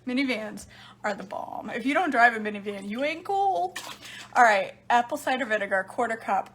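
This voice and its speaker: Making drinks in her home kitchen, a middle-aged woman who vlogs about home cooking talks casually with her live viewers and laughs a lot. She has a mid-range, slightly bright voice, with slight background noise.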